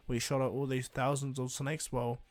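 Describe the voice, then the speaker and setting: A man's voice: medium pitch, level tone, fairly quick, no echo. Casual, rambling male storyteller. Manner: rambling, with fillers and "and he goes". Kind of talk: casual fan-fiction retelling.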